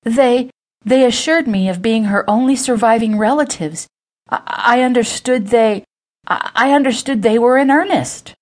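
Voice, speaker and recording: A woman's voice: on the high side, expressive, slow, a little mellow, voice pushed up. A woman playing a frightened old female orphanage keeper who stammers and pleads. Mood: timid pleading. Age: older.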